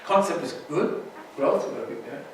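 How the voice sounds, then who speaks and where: A man's voice: on the high side, animated, a little fast, heavy reverb, far from the mic, slight background noise, low-quality recording. A man teaching an informal Torah class as a rabbi, chatty and often checking in with "right?". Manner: chatty, keeps asking "right?".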